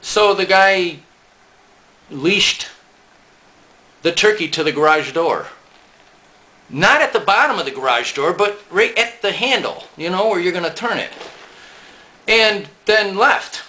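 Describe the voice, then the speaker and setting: A man's voice: sits high, animated, unhurried, pauses often, sharp tone. A man casually telling a rambling, profane anecdote, chuckling now and then. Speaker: storyteller recalling band days.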